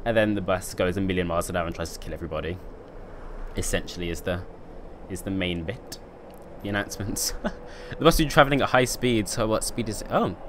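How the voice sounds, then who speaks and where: A man's voice: sits low, fairly quick, noisy background. A young man streaming a bus game, joking and chatting with viewers. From United Kingdom. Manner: chatty, joking, talks to chat. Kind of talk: casual gameplay commentary.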